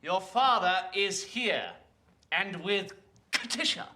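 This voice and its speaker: A theatrical Victorian comic actor, flustered and showy. His voice is high, bright and sings up and down. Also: lively intonation, takes it slowly, roomy sound, exaggerated voice. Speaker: actor rehearsing a comic role. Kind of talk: period film acting.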